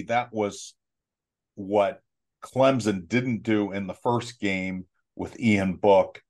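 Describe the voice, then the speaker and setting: A man working as a college football analyst, talking through game plans in a relaxed, rambling way. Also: fairly low pitch. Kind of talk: casual sports talk.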